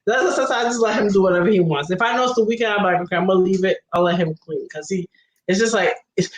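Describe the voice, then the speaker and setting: A woman co-hosting a casual livestream chat, acting out quotes with expressive delivery and laughing while she talks. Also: medium pitch, very fast, reverberant, rough recording. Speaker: livestream co-host.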